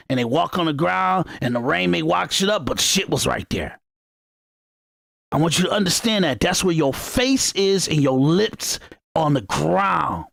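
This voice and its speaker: Gravelly-voiced man preaching on a podcast. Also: a little high, fairly bright tone, no room sound, studio quality. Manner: repetitive, restarts phrases, emphatic and preachy. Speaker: podcast host. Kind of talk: unscripted political commentary monologue.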